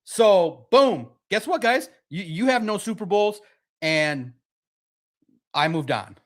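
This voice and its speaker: A man hosting a sports podcast launches into a heated rant, emphatic, repetitive and mocking. His voice sits high, with lively intonation, and he takes his time delivering it.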